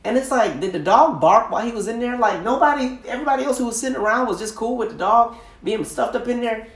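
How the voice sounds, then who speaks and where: A man hosting a podcast, telling casual stories in a slangy, animated way and laughing often. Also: very high voice, fast, echoey room. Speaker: podcast host. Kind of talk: casual storytelling monologue.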